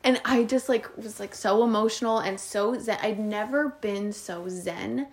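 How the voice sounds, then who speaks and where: A young woman co-hosting a podcast, telling an animated story in casual chat, filled with "like". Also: medium pitch, a little slow. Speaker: podcast co-host.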